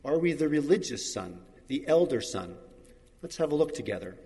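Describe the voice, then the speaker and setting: A man's voice: fairly high pitch, sing-song, normal speed, dark tone, long reverb tail. A man preaching a sermon, reading scripture aloud and acting out the voices he quotes. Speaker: pastor.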